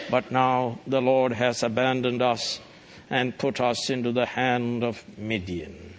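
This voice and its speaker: A man preaching a sermon from scripture, building emphasis phrase by phrase. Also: mid-range voice. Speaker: pastor.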